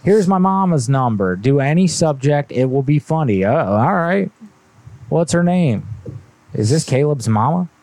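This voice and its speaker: A man chatting casually as a livestream host, with a mellow, warm tone. He talks in loose slang, swears freely and reads out viewer messages as they come in. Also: fairly high pitch, expressive, unhurried, no echo.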